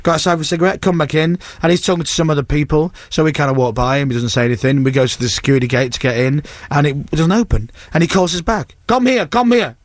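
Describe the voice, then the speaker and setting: A man hosting a radio show, telling an exasperated, animated story on air in a studio. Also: fairly high pitch, fast talker, few pauses, dry recording. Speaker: radio host. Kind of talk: ranting anecdote on air.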